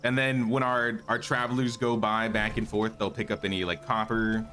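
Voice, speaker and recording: A man's voice: fairly low pitch, level tone, moderate pace, bright, forceful tone. Chatty man streaming a game. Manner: chatty, thinks aloud, greets chat viewers. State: slightly losing his voice. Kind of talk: casual live-stream commentary.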